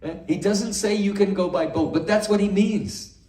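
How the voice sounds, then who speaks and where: A man giving a morning scripture class to a live audience, explaining patiently with everyday examples and gentle humor. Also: high-pitched, normal speed. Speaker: spiritual teacher. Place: indoor hall with a live audience. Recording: echoey room, distant mic.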